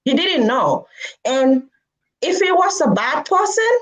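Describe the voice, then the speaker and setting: A woman's voice: sits high, slow, poor audio. A woman vlogger telling a story and giving her views to camera, acting out the people in it. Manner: animated, acts out quoted people.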